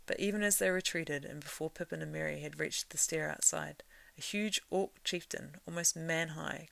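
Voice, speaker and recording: A woman reader narrates a novel in a low, gravelly voice, keeping a steady line that swells in action scenes. The audio is close-miked and dry, with no room sound at all.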